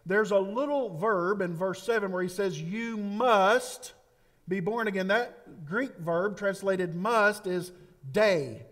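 A man preaching a sermon, emphatic and repetitive, with dramatic pauses. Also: sits high. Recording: long hall reverb.

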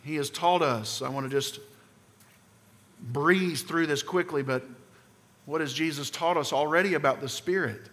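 A man preaching a sermon as pastor, emphatic, often sinking low and quiet at the ends of phrases. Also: normal speed, long pauses. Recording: long hall reverb.

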